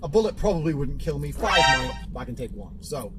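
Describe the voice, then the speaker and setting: A man telling a brash, swaggering, profane travel anecdote in a lively storytelling manner. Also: on the high side, fairly quick, over loud music, low-quality recording.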